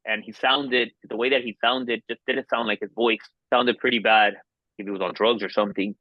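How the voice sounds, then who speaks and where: A man in his forties from Miami, a podcast guest telling a personal story in an earnest, halting way with many restarts. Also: mid-range voice, steady tone, no room sound. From Miami, United States. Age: 40s. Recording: dull, dry lo-fi sound.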